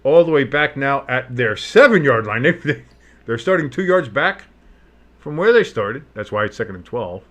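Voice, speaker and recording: A man with a deep, bassy voice calls the game as a casual play-by-play host. His pitch swings widely, from low muttered asides to loud, excited bursts, all in a joking tone at an ordinary middle pitch. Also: moderate pace. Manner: jokey, swings from murmured asides to loud outbursts.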